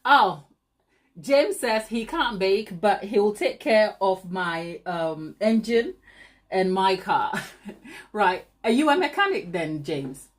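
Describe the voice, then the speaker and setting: A woman hosts a baking stream and chats with her viewers while she decorates cupcakes. She teases them and laughs often. Her pitch swoops up and down in a lively way around a mid-range voice. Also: takes it slowly. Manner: chatty, teasing, laughs often. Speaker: baking channel host.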